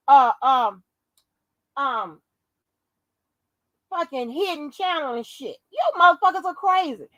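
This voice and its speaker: This is a woman with a high-pitched voice in a dry, close recording. She is riffing through casual vlog commentary. She is animated and profane and keeps laughing. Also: no room sound, poor audio. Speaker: YouTube commentator.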